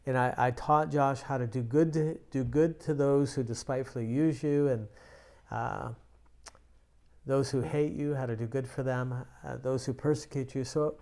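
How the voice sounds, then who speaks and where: Gravelly-voiced man preaching a story. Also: medium pitch, steady tone, normal speed, dark tone. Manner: conversational, with frequent restarts and acted quotes. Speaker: pastor and teacher. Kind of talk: sermon storytelling.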